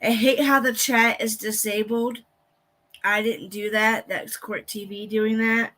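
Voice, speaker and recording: Reacting to a court broadcast on a casual livestream, a woman with a steady, somewhat high voice that sounds pushed and bright talks a little slowly. She is blunt and profane with her chat, venting indignantly and swearing frequently.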